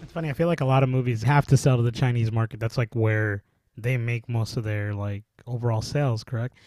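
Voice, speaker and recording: A man co-hosting a podcast, talking about movies in an animated, laughing way with plenty of fillers. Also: medium pitch, brisk. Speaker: podcast co-host. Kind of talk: casual chat about movies.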